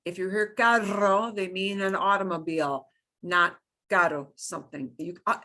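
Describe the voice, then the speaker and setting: Lady teaching beginner spanish, bright voice, repeats words slow and playful. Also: medium pitch, fairly even intonation. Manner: demonstrates sounds by slow repetition, playful. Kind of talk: beginner language lesson.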